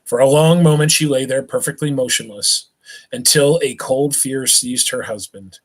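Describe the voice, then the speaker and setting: A man reads a novel aloud on a live stream in an unhurried way. His voice sits at a middle pitch. He trips over words and restarts, and sometimes stops to make a quick aside to his listeners. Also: breathy edge, low-quality recording. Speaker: reader.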